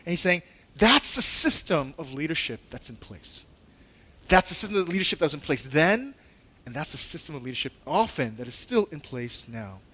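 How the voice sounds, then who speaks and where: A man preaching from the pulpit with a fairly high, very lively voice that climbs and drops a lot. He chats with the congregation, laughs at his own asides and puts on indignant voices for the disciples. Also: moderate pace, husky. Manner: conversational and animated, with laughs and asides; acts out the disciples' lines in a raised, indignant voice. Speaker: pastor. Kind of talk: sermon.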